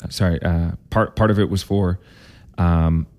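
Guy, low flat mellow voice, candid storyteller. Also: measured pace. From Canada. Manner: candid, emphatic storytelling with many fillers and repeats. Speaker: vlogger. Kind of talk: personal storytelling monologue.

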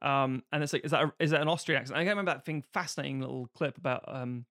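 A man's voice: mid-range voice, racing, no echo, clean studio sound. A man hosting a casual podcast chat, telling film anecdotes and acting out quotes. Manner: animated storyteller acting out quotes. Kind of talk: casual chat about accents and films.

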